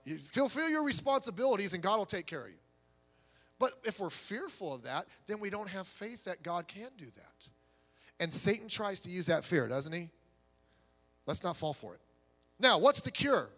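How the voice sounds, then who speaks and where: Guy preaching in a big echoey church, high bright voice, chatty and punchy, keeps asking the crowd questions. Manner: conversational, emphatic preaching with rhetorical questions. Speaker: pastor. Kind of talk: sermon.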